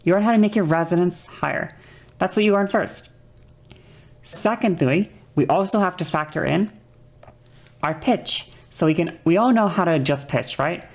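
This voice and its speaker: A woman with a low, gravelly voice talks casually on a stream, rambling and profane as she explains things. She keeps checking in with her listeners between points. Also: moderate pace, darkish tone. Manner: rambling, profane, repeats okay often; demonstrates voice changes with whispery and high vocal sounds.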